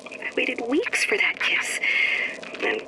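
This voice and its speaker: A woman voicing an anxious young woman in a game audio log, fretting over germs in a breathy half-whisper. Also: slow, very noisy, lightly acted.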